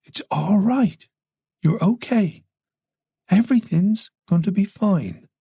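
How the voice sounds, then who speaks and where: A narrator voicing a calm, reasonable Irish police chief who speaks in a soothing way. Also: male voice, sits high, slow, gravelly, husky, no echo, studio quality, voice pushed up, full character voice. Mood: reassuring.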